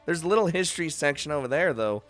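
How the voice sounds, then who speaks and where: A man's voice: fairly high pitch, lively intonation, quick pace, a bit bright, soft background music, voice pushed up. A man voicing a practical young woman companion who speaks in a matter-of-fact, lightly teasing way.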